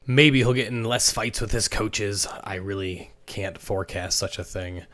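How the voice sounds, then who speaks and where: A man's voice: on the low side, unhurried, a bit bright. A man hosting a football video, chatting casually over game clips and laughing now and then as he guesses what players said. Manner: chatty, laughs while narrating, guesses at quoted lines.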